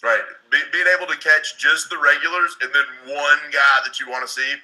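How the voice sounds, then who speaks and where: A man's voice: a little high, brisk, pushed and bright, rough recording. A man in his thirties from Tennessee, a stand-up comic, chatting casually on a live stream, profane and rambling, often laughing.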